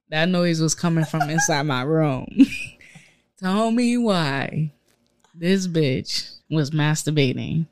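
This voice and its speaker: A young woman casually telling a long, profane college dorm story with plenty of laughter. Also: low voice. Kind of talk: casual podcast chat.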